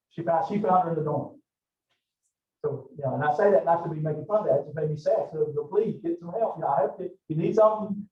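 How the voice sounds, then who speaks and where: A man giving a college classroom lecture in a rambling, conversational way, drifting into stories. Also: high-pitched. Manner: rambling, conversational, digressive storytelling. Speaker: college anatomy instructor. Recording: roomy, distant, dull lo-fi classroom recording.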